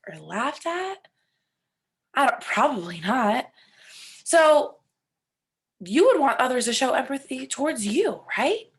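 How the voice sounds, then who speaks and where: Gravelly-voiced teacher woman talking to kids. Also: fairly high pitch. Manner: animated, questioning, with soft whispered asides. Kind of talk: classroom lesson for children.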